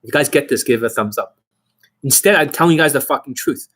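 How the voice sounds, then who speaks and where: Husky, profane male dating coach. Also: mid-range voice, quick pace, a bit bright. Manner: aggressive, profane, confrontational. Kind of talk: profane livestream rant.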